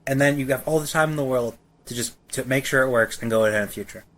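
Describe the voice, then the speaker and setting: A man's voice: medium pitch, quick pace, a bit bright, a little hiss or hum. A man co-hosting a podcast, ranting sarcastically about a cartoon with lots of swearing and stammered restarts. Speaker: podcast co-host. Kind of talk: casual episode recap chat.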